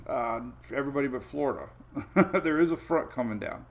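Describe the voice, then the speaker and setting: A man's voice: mid-range voice, animated, brisk. A man hosting a casual weather livestream, rambling through maps with many fillers and restarts and greeting viewers by name. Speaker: weather show host.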